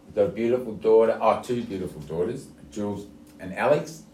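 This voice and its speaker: A man's voice: fairly low pitch, a little fast, slight background noise. Rambling man in echoey room. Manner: animated, rambling storyteller. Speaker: podcast co-host. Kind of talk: casual banter.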